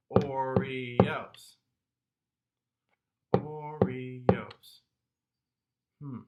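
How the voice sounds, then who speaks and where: Upbeat bright-voiced music teacher man. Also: medium pitch. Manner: encouraging, talks directly to young students. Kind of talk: recorded online music lesson.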